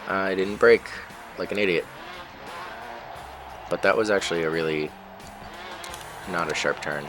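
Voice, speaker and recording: A man giving casual, rambling commentary while playing a racing game, breaking off to react loudly whenever he crashes. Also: low voice, measured pace, long pauses. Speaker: gaming channel host. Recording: game music behind voice. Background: game music and engine sounds.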